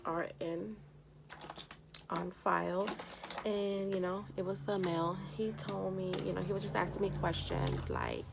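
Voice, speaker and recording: A young woman talks casually while doing her makeup, rambling from one thought to the next with plenty of fillers. Her voice is strongly gravelly, full of fry, and her pitch sits in a middle register. There is a faint hiss of noise behind her. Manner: rambling, many "you know" fillers; emotional, tearful at times. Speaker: vlogger.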